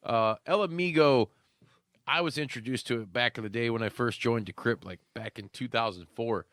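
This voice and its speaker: A man co-hosting a wrestling podcast in a studio, chatting casually, rambling and cursing freely, now and then breaking into loud goofy shouts. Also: medium pitch, moderate pace, no room sound. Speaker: podcast co-host. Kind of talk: casual chat.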